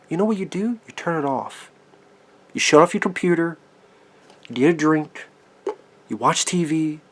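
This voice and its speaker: A man tears into a film in a foul-mouthed, sarcastic rant. His voice sits slightly high for a man. He swings between mocking quotes and blunt complaints. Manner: angry, profane, sarcastic ranting. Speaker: movie reviewer. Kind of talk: profane rant review.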